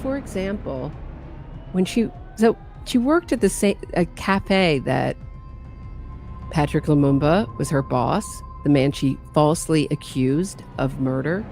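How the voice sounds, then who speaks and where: A woman giving critical commentary on a case in a measured, pointed way. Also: sits low, expressive, a little mellow, faint music behind.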